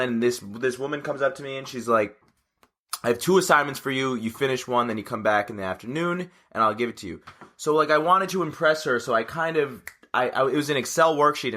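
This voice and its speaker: A man in his twenties co-hosts a casual podcast chat, his medium-pitched voice bright and forceful. He tells rambling stories, restarting them and laughing as he goes.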